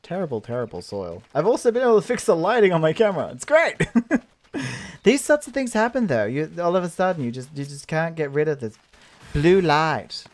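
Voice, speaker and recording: A man's voice: fairly high pitch, lively intonation, a little fast. Giggly rambling man playing a game. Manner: rambling, giggly, self-mocking. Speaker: gaming channel host. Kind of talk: casual let's-play commentary.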